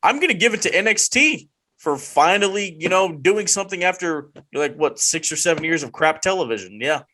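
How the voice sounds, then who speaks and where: A man co-hosting a casual wrestling podcast, full of mock outrage as he ribs his friends. His voice sits fairly high and swoops all over. The tone is bright and forward. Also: fairly quick. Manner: animated, teasing, mock-outraged. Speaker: podcast co-host.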